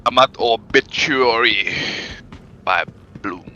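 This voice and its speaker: A man's voice: medium pitch, slow, sharp tone, muffled recording, a little hiss or hum. A man playing a game with a friend, talking in brash, slangy casual chat and swearing freely. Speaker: gamer.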